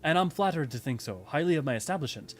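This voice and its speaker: A man voicing a blunt middle-aged tavern keeper in a fan reading of game dialogue, talking in a plain, folksy, low and measured way. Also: expressive. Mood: wry.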